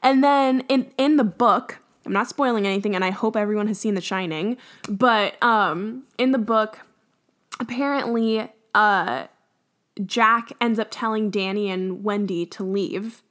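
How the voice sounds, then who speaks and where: A woman's voice: medium pitch, a little slow, fairly bright tone. A young woman co-hosting a podcast, chatting casually with lots of fillers and giggles. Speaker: podcast co-host. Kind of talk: casual chat.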